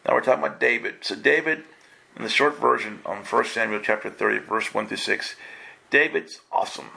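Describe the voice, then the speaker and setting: A man preaching a lively live sermon, playful and quizzing his congregation. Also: fairly low pitch, fairly quick, vocal fry. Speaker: pastor.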